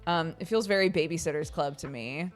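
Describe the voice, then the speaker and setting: With faint music behind her, a streamer from the United States, a woman in her thirties, chats casually in a low voice at a slightly fast pace. She laughs a lot as she tells stories, imitating the voices of those she quotes.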